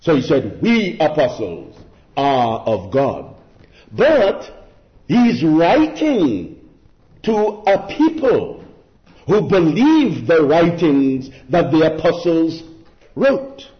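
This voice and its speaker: A man preaching in a slow, deliberate sermon with a fairly high, very lively voice that climbs and drops for emphasis. He keeps putting rhetorical questions to his listeners. The recording sounds dull and lo-fi. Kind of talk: expository sermon.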